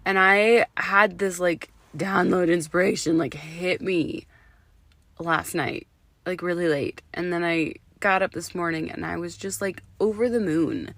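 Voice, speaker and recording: A woman in her thirties hosting her own podcast, slightly hoarse from illness, talking in an excited, effusive way and dropping to a whisper for emphasis. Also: fairly low pitch, measured pace, dry recording. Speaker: podcast host. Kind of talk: solo podcast monologue.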